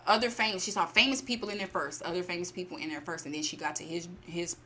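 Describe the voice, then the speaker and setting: Speaking fast in a low, steady, sharp voice, a woman who hosts a story channel recounts a short story her own way. She's chatty and loaded with fillers, voicing the characters' lines through quoted asides.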